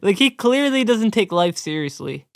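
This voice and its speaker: A man's voice: high voice, big pitch swings, moderate pace, gravelly, clear, resonant tone, dry recording, clean studio sound. A young man giving casual, laid-back reaction commentary with wry remarks. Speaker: reaction video host.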